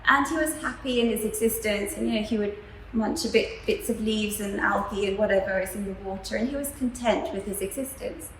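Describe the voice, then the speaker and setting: A woman teaching a class on spiritual philosophy, talking in a gentle, earnest way with fillers as she tells a story. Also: medium pitch, a little fast. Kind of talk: spiritual lecture to students. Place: school room. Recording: echoey room, faint background noise.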